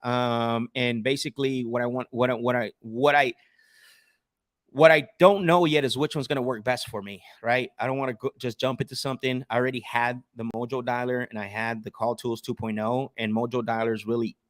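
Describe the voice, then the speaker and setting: A man's voice: mid-range voice, steady tone, brisk, dry recording. Assertive male sales coach, dry sound. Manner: assertive, teaching tone with frequent restarts. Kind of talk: live coaching stream with cold calls.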